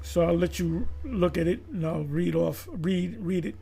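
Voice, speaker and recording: A man's voice: high-pitched, unhurried, vocal fry, warm tone, breathy edge. A man giving a rambling commentary monologue, full of restarts and fillers. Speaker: video commentator.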